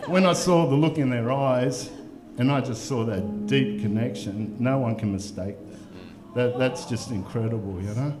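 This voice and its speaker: A man's voice: mid-range voice, moderate pace. A man giving a rambling, effusive wedding toast, laughing often. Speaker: wedding speech giver. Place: wedding reception hall. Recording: echoey hall with music and crowd.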